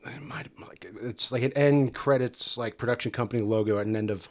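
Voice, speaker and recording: A man's voice: medium pitch, steady tone, a little fast. A man co-hosting a casual movie podcast, talking loosely and profanely with lots of "like". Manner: loose and profane, heavy use of "like". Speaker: podcast co-host.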